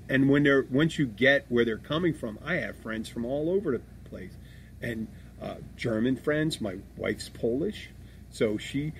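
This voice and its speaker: A man's voice: medium pitch, creaky, a bit bright. A middle-aged man hosting a casual podcast about bar work, talking in a rambling, profane way with many restarts. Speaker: podcast host, bartender. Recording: faint background noise.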